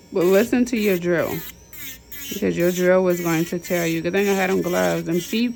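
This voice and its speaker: A nail technician teaching a class demonstrates drill work, giving chatty, repetitive step-by-step instructions laced with Southern US slang. Her voice is fairly low, steady, creaky, and darkish at normal speed, with a nail drill whirring and a faint hiss or hum.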